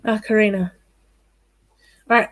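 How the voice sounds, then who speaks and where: A woman doing live-stream psychic card readings, talking casually and reassuringly, often pausing with "um" and "all right" as she calls viewers by name. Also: mid-range voice, fairly even intonation, fairly bright tone, a little hiss or hum, poor audio.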